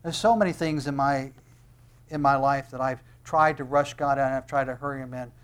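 A man preaching a sermon, swinging between loud emphatic declarations and hushed tender lines, often asking rhetorical questions. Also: mid-range voice, fairly quick, clear, resonant tone. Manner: asks the audience rhetorical questions.

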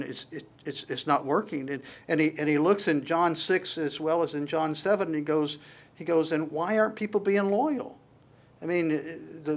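A man preaching with a slightly raised voice, animated and quick to restart his sentences. He acts out voices from the scripture as he goes and ends by leading a prayer. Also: on the high side. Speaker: pastor. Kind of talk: sermon.

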